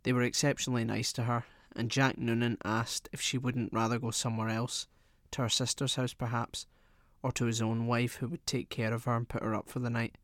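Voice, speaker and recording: A man reads a short story aloud in a steady, measured storytelling voice. His pitch sits in an ordinary middle range. The recording is close and dry, with no room echo. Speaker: narrator. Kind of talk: audiobook narration.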